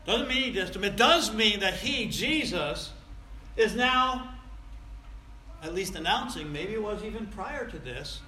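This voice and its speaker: A male pastor preaching a sermon emphatically, with big swings in loudness. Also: sits high, expressive, a little slow. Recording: echoey room.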